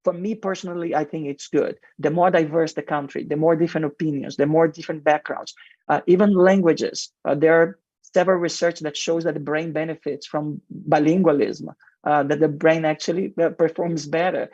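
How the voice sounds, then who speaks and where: A man's voice: on the high side, steady tone, a little fast, darkish tone, no room sound, dull audio. A male marketing executive with a heavy non-native accent, answering radio interview questions in an earnest, explanatory way with frequent fillers.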